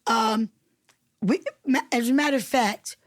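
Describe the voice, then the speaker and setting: A woman's voice: a little high, unhurried, dry recording, clean studio sound. A woman from Newark, New Jersey, a councilwoman and reverend, talking emphatically in an interview and repeating phrases the way a preacher does. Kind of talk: conversational interview.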